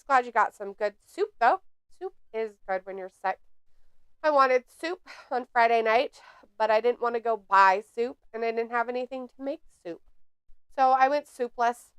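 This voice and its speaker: A woman's voice: on the high side, moderate pace, fairly bright tone, clear, resonant tone, no room sound. A woman hosting a live watch-along stream, reading chat aloud in a snarky, sarcastic way.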